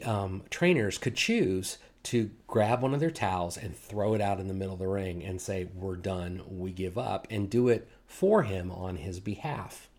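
A man preaching a sermon in a relaxed, conversational way, acting out quoted complaints and chuckling now and then. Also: lowish voice. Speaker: pastor.

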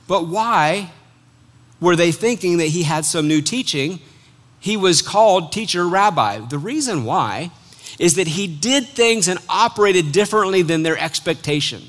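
High-voiced man preaching a lively sermon. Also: unhurried. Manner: animated, conversational, joking with the congregation.

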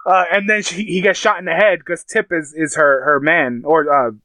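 A man chatting casually, retelling TV scenes with animated, crude language. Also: sits high, fairly quick, no echo. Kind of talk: casual chat.

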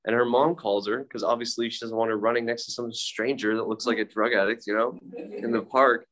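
A young man speaks in a mid-range, fairly bright voice at a fairly quick pace with fairly even intonation. He's sharing his own story at a recovery meeting, candid, profane and self-mocking, packed with fillers, in a casual storytelling way.

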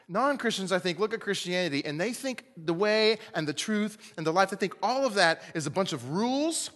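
A man preaching a sermon, animated and joking, often laughing as he talks. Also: high voice, long reverb tail. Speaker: pastor.

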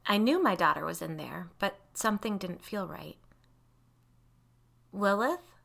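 A woman reading a first-person novel aloud as an audiobook narrator, in measured storytelling. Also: lowish voice, creaky, a bit bright.

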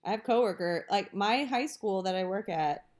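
A woman co-hosting a casual movie podcast, animated and quick to laugh. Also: medium pitch. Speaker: podcast co-host; high school staff. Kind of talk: casual chat.

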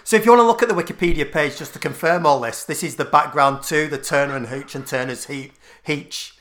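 A man co-hosting a comedy podcast. He tells jokes in a deadpan way. His voice is bright and sits a little high. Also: fairly quick. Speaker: podcast co-host. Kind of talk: casual comedic chat.

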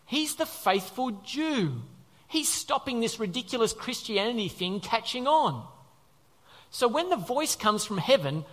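Lively male preacher in a reverberant hall. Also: very high-pitched, measured pace. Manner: animated, conversational, asks the audience questions. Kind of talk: sermon. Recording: long reverb of a large hall.

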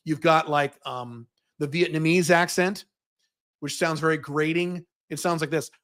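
Blunt, profane American man, high voice. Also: fairly even intonation, measured pace, a bit bright. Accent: General American. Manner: blunt and profane, with mocking impressions. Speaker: host answering viewer questions. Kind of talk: livestream Q&A monologue. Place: living in Dubai.

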